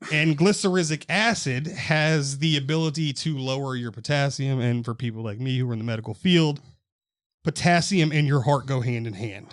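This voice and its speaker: A man's voice: mid-range voice, moderate pace, dry recording, studio quality. A young man co-hosting a casual podcast, joking and swearing freely while walking through a news story. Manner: loose, joking, swears freely, explains medical detail. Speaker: podcast co-host. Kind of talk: casual profane chat.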